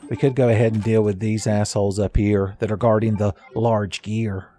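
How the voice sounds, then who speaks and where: A man giving casual, joking commentary while playing a game, his voice a little raspy today and often breaking into laughs at his own asides. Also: lowish voice, level tone, moderate pace, warm tone. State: slightly raspy voice. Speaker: gaming commentator. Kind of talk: casual let's-play commentary.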